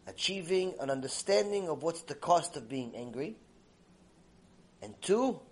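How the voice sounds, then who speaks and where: Male religious teacher, emphatic storyteller, high and very expressive. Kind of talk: recorded Torah lecture with storytelling.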